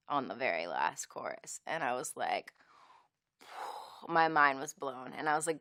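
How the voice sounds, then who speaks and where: Slow, candid young woman songwriter. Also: sits low, animated, sharp tone, dry recording, clean studio sound. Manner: open, confessional, casually profane. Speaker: singer-songwriter. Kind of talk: candid interview talk.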